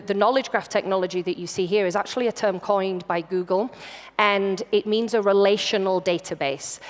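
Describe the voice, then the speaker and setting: A woman giving a conference keynote, conversational with some restarts. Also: mid-range voice. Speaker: conference speaker. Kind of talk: keynote presentation. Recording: hall reverb.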